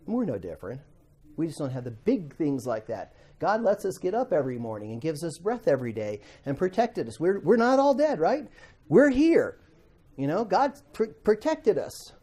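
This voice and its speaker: A man teaching a Bible class to students, animated, acting out quotes and asking the class questions. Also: sits high.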